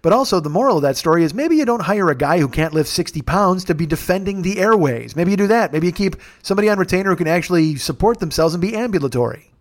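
A man's voice: high voice, expressive, fast, hardly any pauses. A man hosting a comedy podcast, telling a rambling, sarcastic, profane story about his day in a casual monologue. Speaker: podcast host. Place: rented home, recording on travel.

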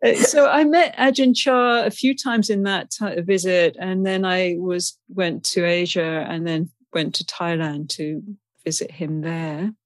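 A woman's voice: fairly low pitch, steady tone, a little slow, no echo. Chatty woman telling stories. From England. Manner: chatty, anecdotal, laughs often. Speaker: interview guest. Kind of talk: storytelling in a conversation.

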